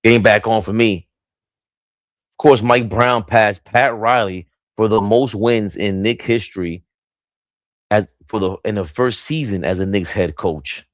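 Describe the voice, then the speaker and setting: A man's voice: lowish voice, unhurried, no echo, clean studio sound. A man streaming casual play-by-play commentary from home, hyped and playful with sing-song nicknames. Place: small room at home.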